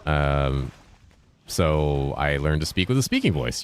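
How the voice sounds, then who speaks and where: A man in his thirties with a remarkably deep, low voice talks loosely with his stream chat, cursing offhandedly between topics. He speaks in a deliberate, clearly enunciated voice with a slightly raised inflection. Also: sing-song. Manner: laid-back, profane, reads and answers chat while playing. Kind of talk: casual gaming livestream chat.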